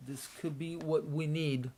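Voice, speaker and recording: Slow, unhurried man muttering to himself. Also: a little high, steady tone, darkish tone. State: sleepy, yawning. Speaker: day trader streaming a live trading room. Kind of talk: casual thinking aloud while trading.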